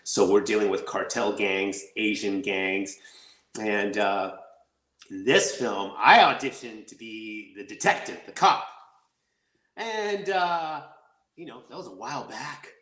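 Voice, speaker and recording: A man being interviewed as an actor, talking in a rambling, excitable way and laughing easily. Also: on the low side, takes it slowly, echoey room. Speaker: actor guest. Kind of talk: casual interview chat.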